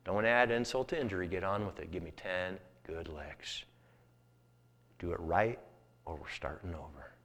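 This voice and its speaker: Preacher doing a stern dad, low-voiced, echoey hall. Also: male voice, a bit bright. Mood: firm. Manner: firm, measured lecturing. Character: stern, loving father disciplining his son.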